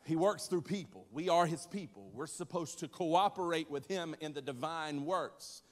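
A man preaching a sermon in a church, conversational and animated, joking with the congregation and acting out voices. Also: a little high, moderate pace, in a large hall. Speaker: pastor.

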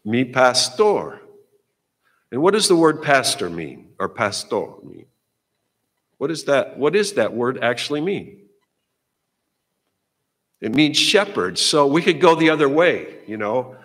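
A man's voice: mid-range voice, sing-song, a little slow, pauses often, fairly bright tone, slightly rough. Man preaching a folksy sermon in a reverberant church. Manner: conversational, folksy, repeats words as he goes. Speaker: pastor. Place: church sanctuary.

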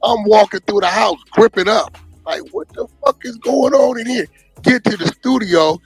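A man's voice: high voice, normal speed, slightly rough, no room sound, soft background music, poor audio. A man in a heated, profane livestream argument, confrontational and threatening. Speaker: music manager on a livestream.

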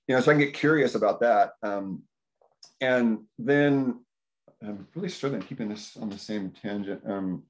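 At an indoor community dinner, a health practitioner in his fifties gives a rambling, casual talk at normal speed. He tells stories with animation, acting out his own thoughts in a higher voice.

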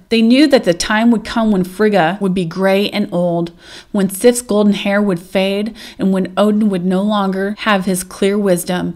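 A woman reading an old myth aloud as a narrator, gentle and measured. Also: mid-range voice. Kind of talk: storybook read-aloud narration.

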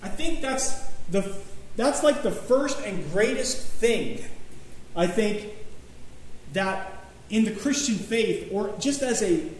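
In a church sanctuary, a pastor preaches a sermon in a conversational, folksy style, restarting sentences and chuckling. His voice is high-pitched and expressive, and he takes it slowly with frequent pauses. The very echoey room adds faint ambience and slight background noise.

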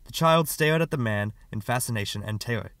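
A man narrating an audiobook in a measured, steady reading. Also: medium pitch, no room sound. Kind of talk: scripted narration.

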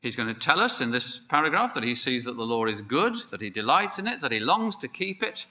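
A man preaching a sermon, emphatic and building to excited peaks. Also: mid-range voice, brisk. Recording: long hall reverb.

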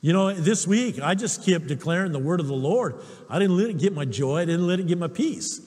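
Lively high-voiced preacher, husky tone. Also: male voice, a little fast, in a large hall. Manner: animated storyteller, chuckles often. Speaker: pastor. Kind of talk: sermon with personal stories.

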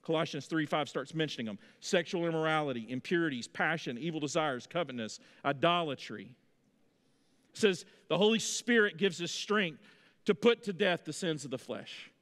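A man in his thirties preaching a sermon in a church, telling folksy stories with lively energy. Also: a little high, moderate pace, long reverb tail. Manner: folksy storytelling, animated. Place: church sanctuary.

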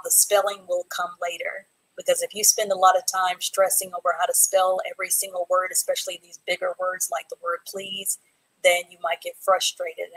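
A woman's voice: fairly low pitch, fairly bright tone, rough recording. Encouraging woman teaching a reading class. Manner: encouraging, slow and clear, praising students by name. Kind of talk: live online reading class.

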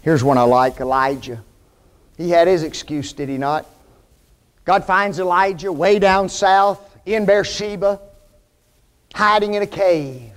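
A man's voice: sits high, a little slow, pauses often. A man preaching a sermon to his congregation, emphatic and fond of rhetorical questions.

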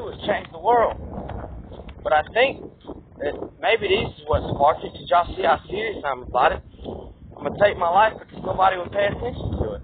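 A man delivering an angry, profane, rambling rant to camera, recorded outdoors on a phone mic. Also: high-pitched. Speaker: vlogger. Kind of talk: ranting monologue to camera. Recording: tinny lo-fi audio with wind noise.

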